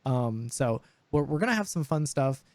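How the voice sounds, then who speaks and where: Rambling casual dungeon master, dry sound. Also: male voice, medium pitch, very animated, normal speed, darkish tone, no echo. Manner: rambling, frequent fillers and restarts. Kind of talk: casual chat over voice call.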